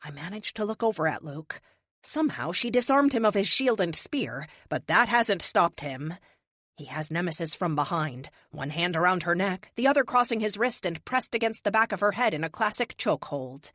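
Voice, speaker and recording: Woman audiobook narrator, first-person action story, lively pitch, dramatic, dry close studio sound. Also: normal speed, no echo.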